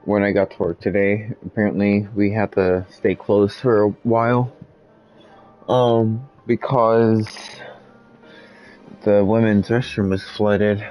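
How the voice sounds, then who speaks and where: A man's voice: on the low side, takes it slowly. A young man streaming a game, chatting casually and rambling about his day. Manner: rambling, relaxed, chuckling. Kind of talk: casual gameplay chat. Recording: dull lo-fi mic with faint game music.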